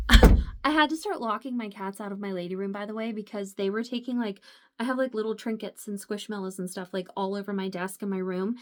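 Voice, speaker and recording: A woman's voice: medium pitch, no room sound, clean studio sound. A young woman vlogging about books in a casual, bubbly chat as she walks through her home, giggling often and saying "like" a lot. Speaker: book vlogger. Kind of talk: casual chat while walking around the house. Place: at home, moving between rooms.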